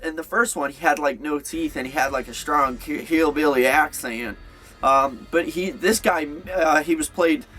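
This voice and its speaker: A man's voice: on the high side, a bit bright. A young man giving a casual, rambling movie review, full of fillers and restarts.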